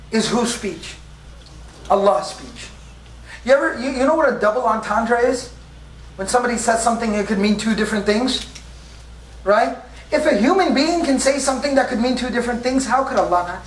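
A man's voice: extremely high pitch, a bit bright, a little hiss or hum. A man delivers a sermon at night in a mosque hall, pressing his points with rhetorical questions and repetition. His voice is heard from a distance, in a room with a lot of echo and a faint murmur of ambience behind him. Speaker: preacher.

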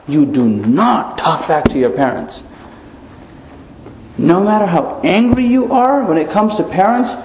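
Animated man preaching in an echoey room. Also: fairly high pitch. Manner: animated, rhetorical, chuckles often. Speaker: Islamic preacher. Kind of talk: religious lecture. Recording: roomy, slightly dull recording with faint noise.

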